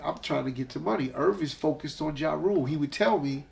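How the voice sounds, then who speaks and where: A man with a gravelly, fry-laden voice sitting a bit high for a man. He tells stories in a loose, profane, animated way. He slips into other people's voices as he goes. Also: fairly quick, a little hiss or hum. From Hollis, Queens, New York. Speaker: guest, music executive. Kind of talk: casual storytelling.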